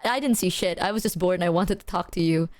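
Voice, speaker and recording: A woman's voice: lowish voice, fast talker. A young woman streamer in casual chat, rambling, swearing a lot and often breaking into laughter.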